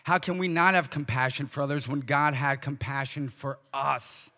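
A male pastor preaching a sermon, asking the congregation pointed short questions and dropping into quiet asides. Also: mid-range voice, fairly even intonation, normal speed, big-room sound.

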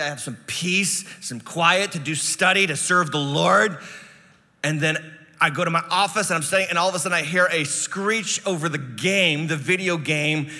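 A middle-aged man preaches in a fairly high, bright, forceful voice. He moves from storytelling into loud, emphatic sermon delivery. The sound rings with the long reverb of a large church hall. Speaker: pastor.

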